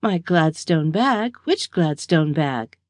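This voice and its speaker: Woman doing a baffled English gentleman. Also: sits low, animated, slow, no echo, clean studio sound. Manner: bewildered, then affronted.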